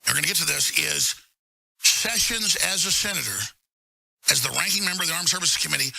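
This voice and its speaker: A man hosting a talk show, ranting fast and emphatically with sudden loud bursts, faint music behind him. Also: a little high, expressive, gravelly. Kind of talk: heated political talk.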